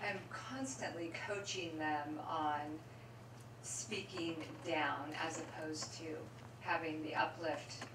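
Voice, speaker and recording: Low-voiced woman, distant and roomy. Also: slow. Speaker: audience member. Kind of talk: asking a question. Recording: distant mic in echoey room with noise.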